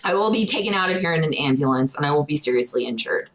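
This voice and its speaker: A woman's voice: deep voice, lively intonation, quick pace, poor audio. A young adult woman, co-hosting a podcast, telling a story animatedly and acting out quotes in a raised voice. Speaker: podcast co-host. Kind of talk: casual storytelling chat.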